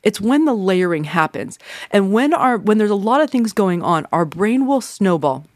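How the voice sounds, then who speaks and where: A woman's voice: medium pitch, sing-song, normal speed, no echo. Middle-aged woman therapist just chatting, lots of kinda and like, dry voice. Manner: conversational, with frequent "kinda" and "like" fillers. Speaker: therapist and podcast host. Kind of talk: casual advice talk.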